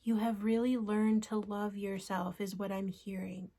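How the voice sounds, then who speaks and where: A woman does a solo channeled card reading for her viewers, earnest and unhurried, pausing to call out to unseen spirits before returning to the cards. Her ordinary middle-pitched voice is monotone yet warm.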